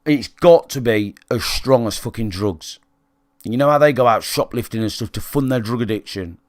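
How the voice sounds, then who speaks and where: A man's voice: mid-range voice, normal speed, dry recording, clean studio sound. A British man livestreaming, telling a candid story to his chat in a blunt, sweary, conversational way and checking in with listeners. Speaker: gaming livestreamer.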